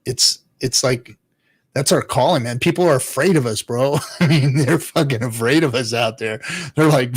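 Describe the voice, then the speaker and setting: A man in his middle range of pitch chats loosely on a livestream, swearing freely and chuckling between thoughts. He trails off, restarts, and sometimes sinks into quiet low mutters before picking back up. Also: moderate pace, breathy edge. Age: adult father. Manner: profane, rambling, laughs often, drops to low mutters. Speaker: crypto livestream host reading chat. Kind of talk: casual livestream chat.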